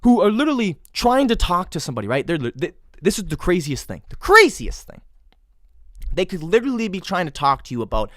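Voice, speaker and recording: A man's voice: high-pitched, big pitch swings, a little fast, a bit bright, no room sound, clean studio sound. A man hosting a solo podcast, ranting sarcastically with crude jokes and mock exasperation. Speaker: podcast host.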